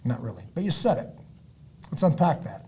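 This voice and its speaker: A middle-aged man with a dark, husky voice talks on a podcast in a preachy, motivational way. He hammers his points by repeating them, swings from loud bursts to low, quiet endings, and keeps clearing his throat. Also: sing-song, brisk. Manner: emphatic, repetitive, builds to loud peaks then drops low. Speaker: podcast host and former Navy SEAL.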